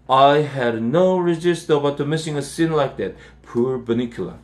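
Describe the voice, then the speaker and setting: A man, an English teacher, reading a children's novel aloud, halting and often restarting words. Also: medium pitch, lively intonation. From South Korea. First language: Korean.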